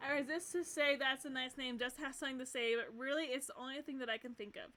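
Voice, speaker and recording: A woman streamer reading a visual novel aloud and gushing excitedly between lines, often giggling. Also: sits high, quick pace, faint music behind.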